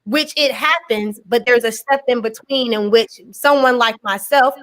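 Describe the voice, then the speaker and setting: A woman's voice: a little high, normal speed, fairly bright tone. An American woman scholar speaking in an interview, emphatic, building points with repeated phrases and "right?". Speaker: guest scholar. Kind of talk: conversational interview.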